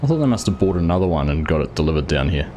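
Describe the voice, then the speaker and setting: A man's voice: rumbling low, sing-song, racing, darkish tone, a little hiss or hum. A man hosting a live farming game stream, chatting casually and greeting viewers by name while he plays. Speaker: livestream host. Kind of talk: casual gameplay commentary.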